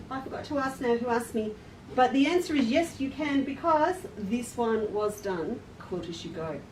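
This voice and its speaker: A woman's voice: medium pitch, a little mellow. Woman, chatty live-stream host, roomy echo, off-mic. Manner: chatty, friendly, laughs at herself. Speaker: quilt shop owner hosting a live stream. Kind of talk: casual live demonstration talk. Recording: roomy echo, distant mic, faint noise.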